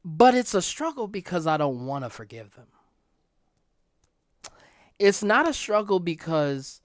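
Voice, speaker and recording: A podcast host ranting about something personal, swinging from quiet near-whispers to loud outbursts and often repeating phrases. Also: medium pitch, sing-song, dry recording, clean studio sound. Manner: repeats phrases, halting restarts. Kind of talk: emotional personal rant.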